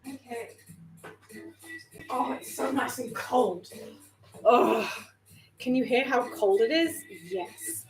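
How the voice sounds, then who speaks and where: A woman's voice: on the high side, takes it slowly, pauses often, music in the background, low-quality recording. A woman chatting to viewers while baking, flustered, nervous and self-mocking. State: nervous and overheated. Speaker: vlogger baking on stream. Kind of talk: casual chat while cooking.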